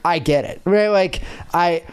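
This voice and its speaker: A podcast co-host in casual chat, animated and swearing freely. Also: medium pitch, unhurried, clear, resonant tone.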